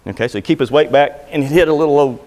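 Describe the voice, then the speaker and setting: In a big-sounding seminar room before a live audience, a middle-aged man gives a motivational talk in a fairly high, warm voice at a very fast pace. He's a folksy, joking storyteller who keeps things casual with anecdotes.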